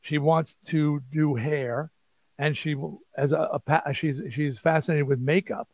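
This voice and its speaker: A man, telling an animated, rambling story as an interview guest and acting out quotes. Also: a little high, a little slow, gravelly, no room sound. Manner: rambling, restarts, acts out quotes. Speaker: interview guest, rock singer.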